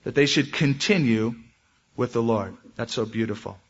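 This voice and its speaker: A man preaching a sermon as pastor, with animated delivery and dramatic swings in pitch. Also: normal speed, slightly rough, dull audio.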